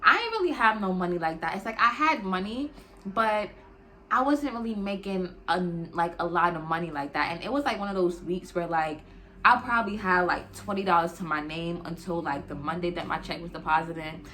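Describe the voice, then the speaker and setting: A woman's voice: lowish voice, animated, brisk, sharp tone. A young adult woman telling a personal story in a casual, chatty way, with lots of "like" and "y'all" as she talks to her viewers.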